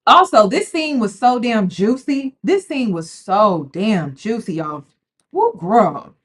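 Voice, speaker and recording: A woman's voice: fairly high pitch, takes it slowly, breathy edge. A woman giving casual, slangy commentary on a reality show, chatty and talking straight to her viewers. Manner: animated, chatty, slangy, addresses viewers as y'all.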